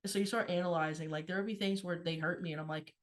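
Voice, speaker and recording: A woman's voice: lowish voice, steady tone, fast talker. A woman co-hosting a podcast, talking casually about feelings with lots of fillers and the odd swear word. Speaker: podcast co-host. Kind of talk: casual spiritual chat.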